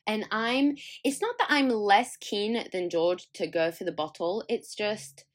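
A woman's voice: medium pitch, lively intonation, unhurried. A young woman hosting a podcast, chatting candidly with a frank, sweary, self-mocking manner and frequent laughter. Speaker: podcast host. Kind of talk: candid solo chat.

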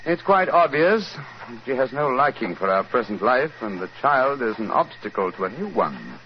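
An actor playing a calm, brilliant Victorian detective in a 1940s radio drama, crisp and unhurried. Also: male voice, medium pitch, lightly acted. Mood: assured. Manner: crisp, unhurried, coolly amused. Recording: dull, faintly hissy 1940s radio broadcast.

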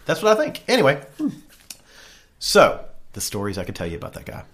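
Animated, joking podcast co-host man. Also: mid-range voice, fairly quick. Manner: joking, animated, laughs often. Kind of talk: casual chat. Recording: background noise.

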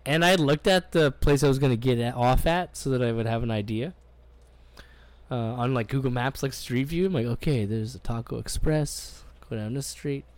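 A man's voice: mid-range voice, normal speed, no echo. A man from Canada telling a rambling travel story on a podcast, swearing a lot and acting out what people said. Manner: rambling, profane, acts out quoted voices. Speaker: podcast co-host. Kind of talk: casual storytelling chat.

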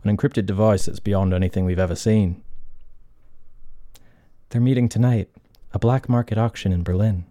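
A man's voice: lowish voice, steady tone, moderate pace, pauses often, warm tone, no room sound, studio quality, natural voice. A man voicing a grave male spy teammate, giving solemn warnings in a dramatic read. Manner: solemn, dramatic line reading.

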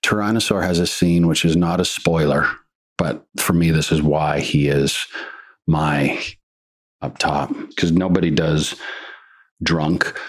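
A male actor chatting as a guest in an interview, telling rambling, animated stories. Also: extremely low pitch, breathy edge. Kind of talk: casual interview chat.

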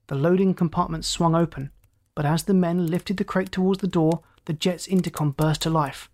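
A narrator giving a steady, dramatic audiobook reading. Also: medium pitch, fairly quick.

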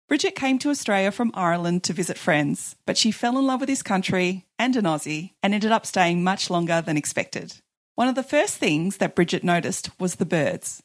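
A woman hosting a podcast, reading her scripted introductions in a clear and measured way. Her voice sits at a medium pitch. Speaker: podcast host. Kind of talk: scripted narration.

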